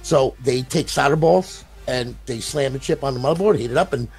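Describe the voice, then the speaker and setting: A man's voice: medium pitch, brisk, a little mellow, husky, faint music behind. An older man, a console modder, telling a long story in a casual, rambling way, often repeating his words and swearing.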